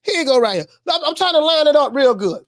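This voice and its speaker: An excitable woman with a notably high voice runs a live reaction stream. She laughs a lot, doubles up her words and keeps urging her viewers to look at the clip. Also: fast. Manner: excitable, laughing, repeats phrases.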